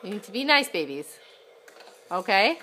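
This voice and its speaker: A mother talking baby talk to her infants at home, cooing in a drawn-out, sing-song way. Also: medium pitch, very animated, bright, forceful tone, a little hiss or hum.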